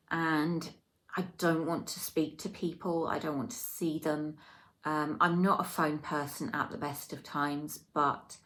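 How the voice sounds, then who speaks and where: A tired woman speaking in a personal video diary, hesitant and subdued, often pausing and restarting. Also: sits low, fairly bright tone. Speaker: video diarist.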